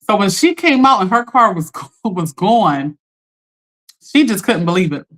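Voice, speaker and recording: A woman hosting a live stream, telling a story in an animated, chatty way, talking straight to her viewers and laughing often. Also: medium pitch, measured pace. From Philadelphia. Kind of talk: casual storytelling to a live audience.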